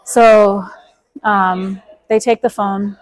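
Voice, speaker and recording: A woman's voice: medium pitch, flat delivery, extremely slow, rough recording. A woman, a guest in an interview, telling her story emphatically and acting out the dialogue of each person in it. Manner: emphatic, quotes herself and others in dialogue.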